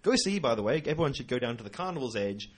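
A man's voice: mid-range voice, very animated, rapid-fire. A man hosting a podcast, chatting casually and telling rambling stories with lots of laughter. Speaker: podcast host. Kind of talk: casual chat.

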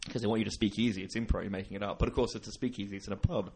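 Fast, lowish male co-host, animated storyteller who acts out voices. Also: creaky, a little hiss or hum. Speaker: podcast co-host. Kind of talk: casual chat.

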